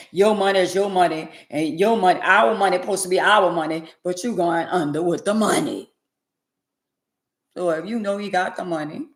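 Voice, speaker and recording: Blunt, sassy woman ranting to viewers. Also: on the low side. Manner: blunt, sassy, preachy, swings loud and quiet. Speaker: livestream host. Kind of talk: casual livestream rant to viewers.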